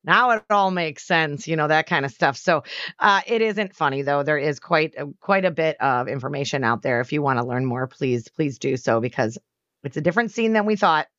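A woman's voice: sits low, expressive, brisk, a bit bright, no echo. Woman, 40s, morning radio co-host, giggly and chatty, dry and slightly dull sound. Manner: giggly, chatty, lots of fillers. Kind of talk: casual on-air banter.

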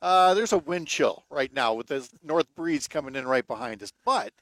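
A man's voice: fairly high pitch, animated, moderate pace, a bit bright. A man, a radio host himself, chatting outdoors by his lakeside home with wry jokes. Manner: wry, joking banter. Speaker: radio show host as guest. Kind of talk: casual chat.

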